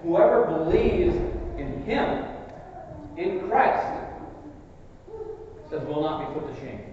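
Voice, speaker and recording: A man preaching an expository sermon in a church sanctuary, earnest and building to emphatic peaks before dropping to quieter asides. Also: fairly high pitch, lively intonation, slow, slight background noise. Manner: earnest, rises to emphatic peaks then drops to soft asides. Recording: distant echoey hall recording, dull.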